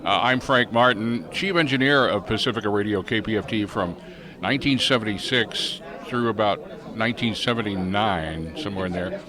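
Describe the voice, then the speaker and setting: A man's voice: on the low side, normal speed. A man, a former chief engineer, interviewing an old colleague in a genial, teasing way at an outdoor reunion. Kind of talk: casual interview chat. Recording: crowd chatter outdoors.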